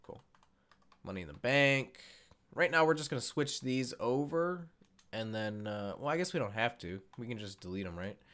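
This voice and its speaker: A man's voice: medium pitch, animated, normal speed, fairly bright tone. A young man giving casual let's-play commentary as he sets up a wrestling game, rambling, correcting himself and swearing offhandedly. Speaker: gaming YouTuber.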